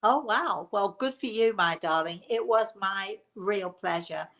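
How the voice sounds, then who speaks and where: A woman hosts a live spirit-medium stream and answers her viewers in a warm, chatty way, with many fond terms of endearment. Her voice sits at an ordinary middle pitch. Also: measured pace. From England. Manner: affectionate, calls viewers darling.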